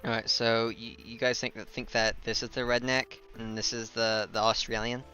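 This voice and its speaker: A man's voice: medium pitch, little pitch movement, moderate pace, pushed and bright. A man chatting jokily with his viewers and narrating a visual novel aloud. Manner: chatty, jokey, talks to viewers. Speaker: voice actor reading a visual novel. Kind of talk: casual chat and game narration. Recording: dull lo-fi recording with faint music.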